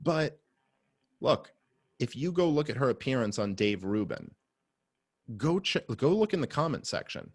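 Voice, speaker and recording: Man, podcast guest, casual storytelling, mid-pitched voice, swears freely, flares up loud. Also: very animated, moderate pace, long pauses, no echo. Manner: storytelling, swearing, many fillers; rises to loud heated outbursts.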